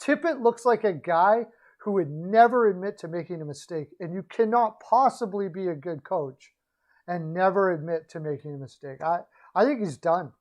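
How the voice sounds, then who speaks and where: This male host's voice sits high and a little mellow, moving at a moderate pace. Rambling and self-correcting, he airs strong opinions in a casual hockey and betting rant on his livestream, frequently restarting what he says.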